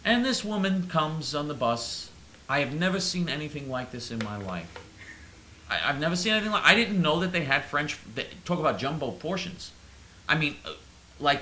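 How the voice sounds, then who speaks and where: Bright, stammering man, mock-earnest comic rant, roomy and faintly hissy. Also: a little high. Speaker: comedic caller in character. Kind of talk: comic monologue in character.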